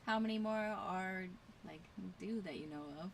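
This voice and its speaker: A woman co-hosting a casual livestream from a sailboat, reading viewer comments aloud and adding short, relaxed remarks. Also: medium pitch, normal speed, a little hiss or hum. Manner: relaxed, brief remarks, often laughing along. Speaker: livestream co-host living on a sailboat.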